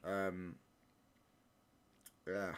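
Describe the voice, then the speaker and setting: Speaking very slowly in a low, level voice with a faint hiss or hum in the background, this young man runs a live football watch-along. It's casual match chat: he ribs his viewers cheekily, laughs often, and caps his lines with "mate" or "pal."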